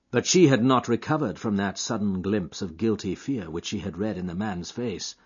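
A man's voice: lowish voice, husky. A man reading a novel aloud as scripted narration, telling it dramatically, on a dull lo-fi recording. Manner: dramatic, expressive storytelling. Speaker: audiobook narrator.

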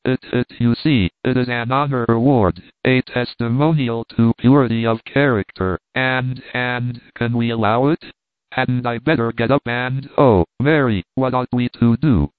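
A man reading the part of an anxious older husband who stammers in distressed, hushed pleading. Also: mid-range voice, fairly even intonation, unhurried, clean tone, dry recording, lightly acted. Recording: dry, tinny phone-like sound.

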